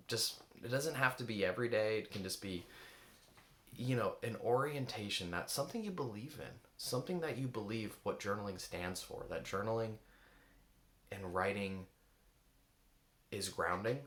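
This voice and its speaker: A man's voice: fairly low pitch, a bit bright, echoey room. A man giving a reflective coaching talk, searching for words and asking many rhetorical questions. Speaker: eating coach.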